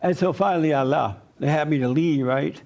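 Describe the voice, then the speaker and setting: A man with a fairly high voice tells a story to his church gathering. He is animated and acts out the voices of the people he quotes, with sudden jumps in pitch. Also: brisk, gravelly, dull audio. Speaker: pastor and host.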